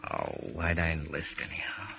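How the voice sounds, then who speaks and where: A man's voice: a bass voice, sing-song, normal speed, creaky, background noise, full character voice. A young man playing an eager, lovesick sailor on leave, pleading with his girl in an old radio drama. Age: young adult. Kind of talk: 1940s radio acting. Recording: dull old radio recording.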